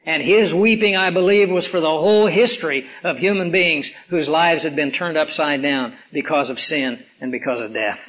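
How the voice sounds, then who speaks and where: A man preaching a sermon as pastor, hoarse from swollen tonsils, with emphatic rises and slow, dramatic drops. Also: a little high. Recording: dull lo-fi recording.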